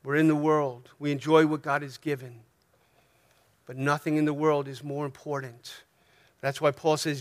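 A man's voice: on the high side, level tone, moderate pace. A man with an American accent preaching a sermon as pastor, talking in a conversational way, often checking in with "right?" and rising to emphatic peaks. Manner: swings from soft asides to emphatic rises.

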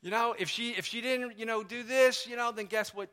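A man's voice: extremely high pitch, steady tone, a little fast, pushed and bright. Guy pastor preaching, chatty but emphatic, keeps repeating himself, voice rings out in a big reverby church. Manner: conversational, emphatic preaching with repetition. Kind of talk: sermon. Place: church sanctuary. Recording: long reverb of a church hall.

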